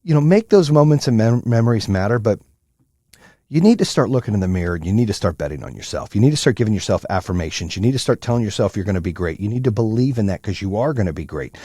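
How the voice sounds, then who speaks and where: A middle-aged man hosting a solo motivational podcast, telling stories in a profane, animated way with lots of fillers. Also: fairly low pitch, fast, slightly rough, no echo, clean studio sound. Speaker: podcast host.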